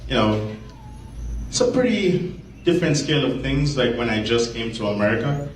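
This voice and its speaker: Jamaican stand-up comic, profane storyteller, caught from a distant mic in an echoey, noisy room. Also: male voice, mid-range voice, lively intonation, moderate pace. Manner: profane, storytelling, laughing punchlines. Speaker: stand-up comedian. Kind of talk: stand-up comedy set. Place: comedy stage before a live audience.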